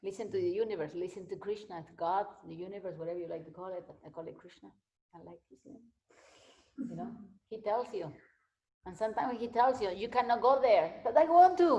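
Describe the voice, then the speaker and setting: A woman's voice: fairly low pitch, a little fast, warm tone, lo-fi sound. Rambling woman teaching, echoey room. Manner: repetitive, rambling, often laughing. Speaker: spiritual teacher. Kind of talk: casual spiritual Q&A talk.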